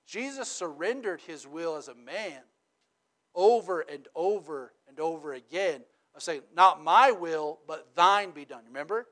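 A fairly high-pitched middle-aged pastor preaches informally, often pausing to ask "okay?" or "right?". His delivery swings between loud, emphatic bursts and quiet, close stretches.

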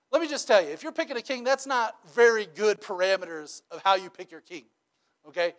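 A man's voice: very high voice, quick pace. A man preaching a sermon in a casual, conversational way, often checking in with "right?" and telling stories with humor. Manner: conversational, checks in with rhetorical questions; animated storytelling with humor. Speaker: pastor.

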